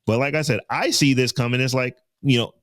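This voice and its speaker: A man co-hosting a podcast in casual discussion, relaxed and playful, pushing ideas to their extreme. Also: medium pitch, fairly quick, no echo, clean studio sound. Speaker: podcast co-host.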